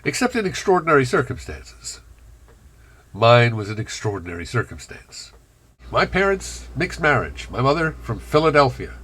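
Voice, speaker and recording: Husky man with a trained American accent. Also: medium pitch, very animated, normal speed, fairly bright tone. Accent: General American, trained over a Bronx childhood accent. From Bronx, New York. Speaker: vlogger. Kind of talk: reflective personal monologue.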